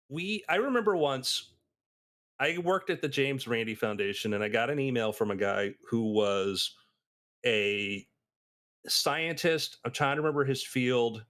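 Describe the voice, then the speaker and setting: A man in casual podcast chat, telling anecdotes and acting out the people he quotes. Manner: animated storyteller, acts out quotes with big pitch jumps.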